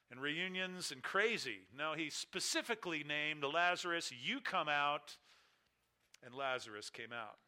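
A man preaching a sermon, emphatic, with big swings in loudness and pitch. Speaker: pastor.

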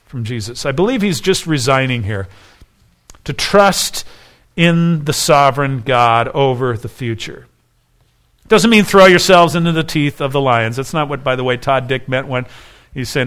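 A man's voice: medium pitch, normal speed, fairly bright tone. A man preaching a sermon as pastor, earnest and conversational, often restarting his phrases.

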